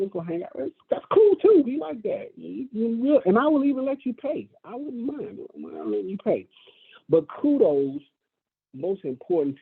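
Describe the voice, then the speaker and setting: A man's voice: fairly high pitch, breathy edge. Folksy, upbeat man on a tinny line. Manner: folksy, enthusiastic, repeats himself. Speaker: brokerage leader addressing agents. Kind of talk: motivational speech to staff. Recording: tinny phone-like sound.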